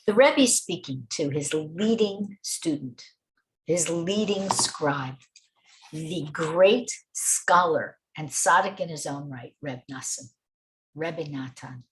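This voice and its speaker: A woman teaching a class at an unhurried pace, her fairly low voice rising and falling through a wide range. She sets her points out in measured phrases, leans on key words and speaks straight to the listeners. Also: lively intonation, rough recording. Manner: measured, with deliberate pauses and stressed words; addresses the listeners directly. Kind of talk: spoken lecture on faith.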